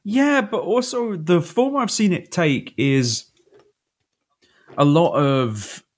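A man's voice: on the high side, lively intonation, slow pace. Sardonic, sweary British man. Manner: sardonic, sweary, self-mocking. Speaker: podcast co-host. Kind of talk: casual chat.

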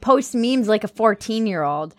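A woman's voice: on the high side, lively intonation, normal speed, no echo. A woman hosting a podcast in a casual, sarcastic way, often laughing at her own jokes. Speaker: podcast host. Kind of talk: casual comedic chat.

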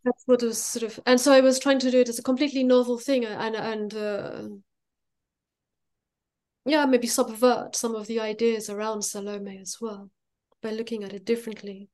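Thoughtful higher-voiced woman artist. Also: flat delivery, a little mellow. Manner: thoughtful, measured, pausing to find words. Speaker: guest artist. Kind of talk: reflective interview answer.

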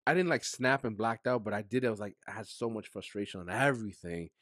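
A man speaking as a podcast guest, telling a personal story candidly in casual slang, his voice sinking soft and low at the painful parts. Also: fast, dry recording, clean studio sound. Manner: emotional, drops to a soft low voice when recounting hard moments; casual slang-heavy speech.

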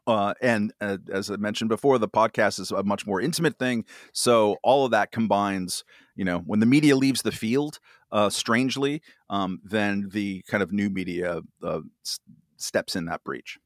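Male guest, fifties, lower register, rambling and self-mocking, dry close-miked sound. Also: normal speed, dry recording. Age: 50s. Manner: rambling, full of fillers and self-deprecating asides. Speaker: podcast guest. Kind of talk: casual chat.

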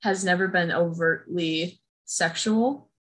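Woman podcast cohost, chatty and animated, laughs a lot, does little voices for characters. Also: on the low side, slow pace. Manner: animated, laughs often, acts out characters' lines. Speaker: podcast co-host discussing a film. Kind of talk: casual chat.

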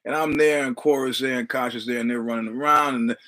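A man's voice: mid-range voice, fairly even intonation, quick pace, pushed and bright. A man hosting a podcast, telling a casual story with profane, repetitive, punchy delivery. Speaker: podcast host.

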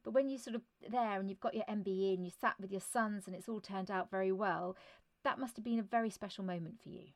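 A woman's voice: medium pitch, fast, dry recording. A woman hosting an interview, asking questions and responding with encouraging affirmations. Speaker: podcast host. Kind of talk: conversational interview.

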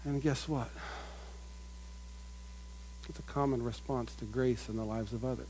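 Slow, earnest man preaching a sermon. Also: mid-range voice, steady tone, mellow, a little hiss or hum, rough recording. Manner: earnest, builds up with rising emphasis, mimics crowd voices.

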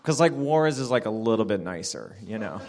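A man, a comedian, telling stand-up stories on a live show, full of "like" fillers and quick asides. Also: lowish voice, crowd noise. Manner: animated, says "like" constantly. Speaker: comedian guest.

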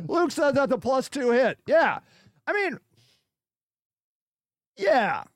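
A man's voice: very high-pitched, dry recording. A male podcast host in a rambling, casual livestream chat, reacting to viewer comments as he goes.

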